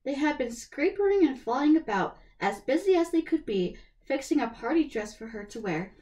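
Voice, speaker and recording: A young woman reads a storybook aloud in a somewhat high, nasal voice. She trips over words now and then and stops to correct herself. It sounds like a simple home recording. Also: big pitch swings, moderate pace, mellow. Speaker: storybook reader.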